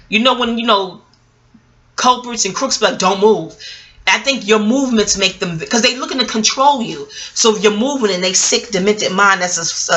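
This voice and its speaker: Bright-voiced New woman telling a story. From Queens, New York. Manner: animated, profane, street slang, jumps up in pitch for quoted voices. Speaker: vlogger. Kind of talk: casual storytelling monologue.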